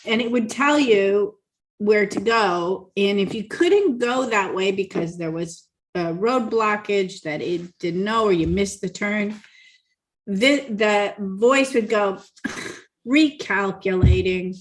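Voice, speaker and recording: A woman's voice: medium pitch, slow. Woman co-host, casual coaching chat, chatty storyteller, laughs easily, video call. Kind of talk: casual coaching talk show.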